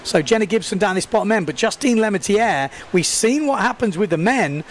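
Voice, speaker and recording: Man, live race commentary, higher voice, excitable, outdoors, faint background noise. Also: a little fast. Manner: excitable, talks over the action. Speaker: windsurfing commentator.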